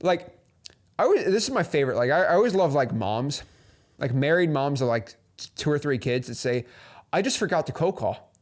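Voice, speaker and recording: A man hosting a motivational business talk, animated and preachy, sprinkling his speech with "like" and "okay?". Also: a little high, brisk. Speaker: host.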